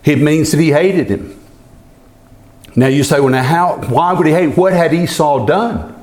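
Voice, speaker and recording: Slow, deliberate male preacher. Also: a little high, a little mellow, reverberant. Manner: slow, deliberate, rhetorical questions answered himself. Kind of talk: expository sermon.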